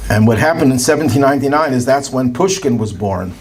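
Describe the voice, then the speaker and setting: A man's voice: medium pitch, lively intonation, fast, hardly any pauses, a little hiss or hum. A male rabbi telling anecdotes and chuckling at his own jokes. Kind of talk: storytelling talk.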